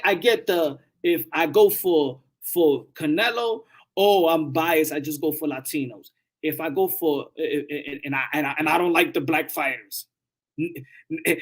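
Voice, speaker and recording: A man hosting a boxing channel, giving casual live-stream commentary, animated, often repeating words and swearing freely. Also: on the high side.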